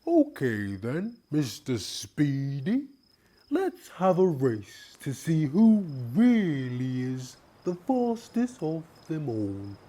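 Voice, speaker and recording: A man voicing a proud male turtle in a storybook, talking in a long, drawn-out drawl with a raised voice. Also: fairly high pitch, huge pitch swings, warm tone, pitched above the performer's own voice, exaggerated voice. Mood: scheming.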